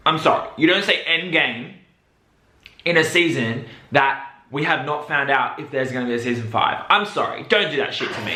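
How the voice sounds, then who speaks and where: A man hosting a reaction video, talking casually and excitedly, breaking into high shrieks. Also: normal speed. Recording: roomy echo with faint music.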